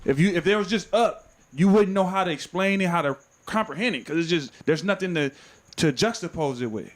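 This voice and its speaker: A man's voice: sits high, expressive, brisk. A young man on a casual podcast, reasoning his point through in a philosophizing way with some big words.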